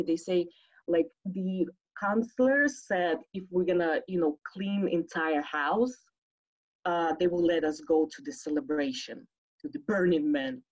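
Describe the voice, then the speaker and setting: A woman telling a personal story on a stage show, animated, acting out the voices she quotes. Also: on the low side, a little slow. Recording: slightly dull lo-fi audio.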